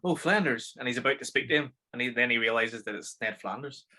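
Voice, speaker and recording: A man's voice: medium pitch, steady tone, fast, sharp tone. A Northern Irish man co-hosting a podcast in casual chat, retelling scenes and swearing casually. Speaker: podcast co-host.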